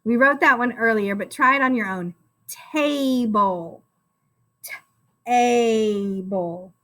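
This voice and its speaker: A woman's voice: fairly high pitch, a little fast, bright, forceful tone. A woman teaching a phonics lesson to young children, encouraging and sounding out words syllable by syllable.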